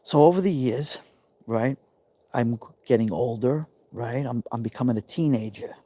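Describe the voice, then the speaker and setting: A man in his fifties with a warm, mellow tone. He tells a personal story in an emotional, confiding way and often repeats himself for emphasis. The sound is dry, with no room echo. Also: mid-range voice, normal speed. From New York. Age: 50s. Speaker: live-stream host.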